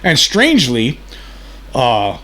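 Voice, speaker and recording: A man's voice: medium pitch, wildly swooping pitch, slow pace, bright, forceful tone. A man hosting his channel, giving casual, rambling commentary that drifts between side points. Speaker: channel host.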